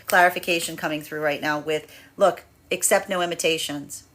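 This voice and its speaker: A woman tarot reader talking through a collective energy reading, rambling and animated, acting out little inner voices as she goes. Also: low voice, a little fast, slight background noise. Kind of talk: spiritual energy reading, monologue.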